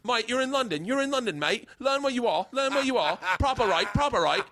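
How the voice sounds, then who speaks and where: A man's voice: very high voice, lively intonation, fairly quick, sharp tone, voice pushed up, exaggerated voice. A man voicing a condescending male London comic with a put-on, wobbly accent, sneering and lecturing.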